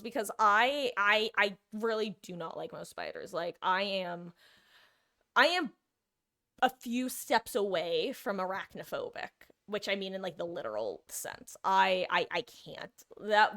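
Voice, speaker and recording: A woman's voice: medium pitch, pushed and bright. A young woman from New Jersey, a live streamer chatting casually and rambling to her viewers while she plays a game. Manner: chatty, rambling, greets viewers mid-story.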